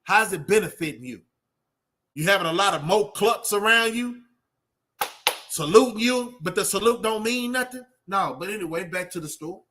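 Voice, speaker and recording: A middle-aged man talks off the cuff like a street preacher, rambling and circling back with fillers. His voice sits high for a man and rings bright and forceful. It sounds like a host talking straight to his viewers. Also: normal speed. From Texas. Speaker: channel host. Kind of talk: off-the-cuff motivational talk.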